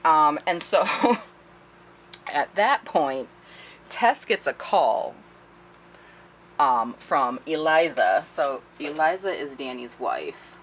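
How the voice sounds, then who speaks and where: A woman with a low voice recaps a book's plot in a loose, conversational way. She swears freely and laughs as she goes. A faint background noise sits under her voice. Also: lively intonation, extremely slow, long pauses, a bit bright. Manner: chatty, profane, laughing as she retells. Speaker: book reviewer. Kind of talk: casual spoiler-filled book recap.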